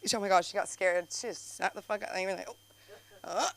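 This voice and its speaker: A woman's voice: mid-range voice, quick pace, gravelly. A woman doing a rambling, profane, self-mocking stand-up set at an open mic. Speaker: stand-up comic. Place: comedy club stage.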